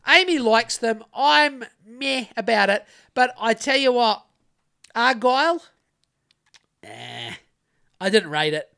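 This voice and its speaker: A man's voice: extremely high pitch, very animated, slow, vocal fry, pauses often, bright, forceful tone, clear, resonant tone. A middle-aged man, hosting a podcast and telling rambling, sweary stories in a laid-back way. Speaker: podcast host. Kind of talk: casual chat.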